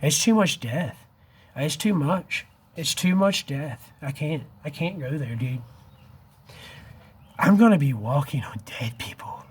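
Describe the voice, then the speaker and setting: A vlogger in his fifties speaks to his camera with a husky, expressive, fairly high-pitched voice at a measured pace. Emotional and wavering, close to tears, he urgently begs his viewers, repeatedly dropping "dude" and "man."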